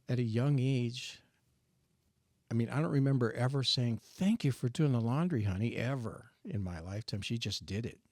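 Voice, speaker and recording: A man in his sixties, a guest sharing his personal testimony in a faith discussion, earnest and reflective, often halting and restarting. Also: medium pitch, gravelly, dry recording, clean studio sound.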